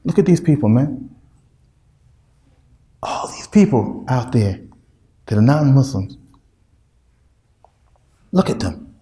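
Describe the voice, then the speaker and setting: A man's voice: medium pitch, sing-song, takes it slowly, long pauses, mellow, echoey room. A man with an American accent preaching a sermon, emphatic and repetitive, with street slang. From United States.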